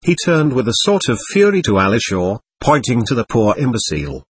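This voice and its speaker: Husky male audiobook narrator. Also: medium pitch, very animated, no echo. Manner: measured storytelling. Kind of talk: scripted narration.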